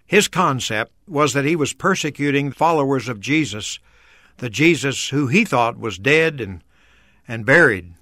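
A man's voice: mid-range voice, lively intonation, a little slow, bright, forceful tone, dry recording, clean studio sound. A man explaining a Bible passage in a discussion, earnestly repeating key phrases for emphasis. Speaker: Bible teacher guest.

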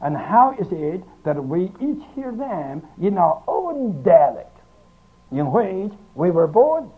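Man, preacher, sermon, high lively voice, slow deliberate delivery, tinny phone-like sound. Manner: slow, emphatic teaching with long pauses. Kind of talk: archival sermon. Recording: tinny phone-like archive recording.

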